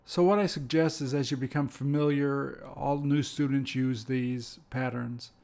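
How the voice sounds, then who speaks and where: A man teaching an English lesson, speaking slowly and carefully and repeating example phrases. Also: medium pitch, fairly even intonation, vocal fry, a little mellow. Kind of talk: slow, deliberate language lesson.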